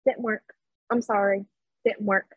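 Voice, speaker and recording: A woman's voice: mid-range voice, flat delivery, measured pace, slightly rough, no room sound, narrow, tinny audio. A woman co-hosting a casual podcast chat, blunt and ranting, laughing often. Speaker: podcast co-host.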